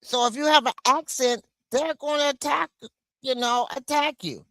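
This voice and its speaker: A woman's voice: high-pitched, moderate pace, fairly bright tone, no echo. A woman from the United States hosting a solo livestream, venting in an impassioned, emphatic way. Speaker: livestream host.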